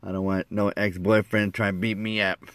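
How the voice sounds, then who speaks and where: A man telling a personal story in a lively way, acting out the quoted lines and laughing at himself. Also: on the low side, fairly quick, clean tone, no echo.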